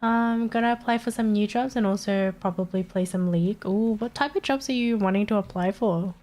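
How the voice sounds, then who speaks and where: A woman's voice: medium pitch, brisk, a little mellow, faint music behind. Stuffy-nosed young woman streamer chatting. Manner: chatty, swearing, laughing often, reading chat aloud. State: blocked nose, sounds stuffy. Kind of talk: casual live-stream chat.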